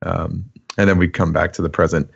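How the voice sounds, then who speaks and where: A man co-hosting a podcast, chatty in his recap, laughing often and slipping into quick voices for quotes. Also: low voice, level tone, vocal fry, breathy edge. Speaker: podcast host. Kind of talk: casual chapter recap. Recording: muffled lo-fi recording.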